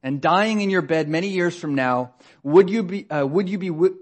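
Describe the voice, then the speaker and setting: A man's voice: high-pitched, normal speed, voice pushed up. A man playing a defiant Scottish warrior rallying troops. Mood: rousing. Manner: impassioned, pleading battle speech. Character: rousing medieval Scottish warrior leader, male, defiant.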